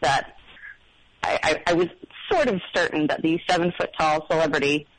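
A woman's voice: sits low, normal speed, poor audio. A middle-aged woman calling in to a show, telling a story casually with many ums and self-doubt. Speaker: caller. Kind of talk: casual phone call story.

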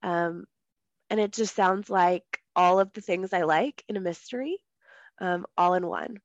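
Her voice a little off today, a woman with a fairly low pitch co-hosts a book podcast at a measured pace. The chat is casual and full of ums, recorded dry with the highs cut off.

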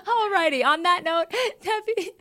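A woman's voice: very high voice, unhurried, bright, forceful tone. A young woman hosting a casual podcast chat, swearing freely and laughing often. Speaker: podcast host.

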